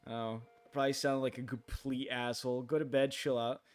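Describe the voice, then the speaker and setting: A tired young man streaming a game late at night, talking in a halting, rambling way full of fillers and restarts. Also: medium pitch, flat delivery.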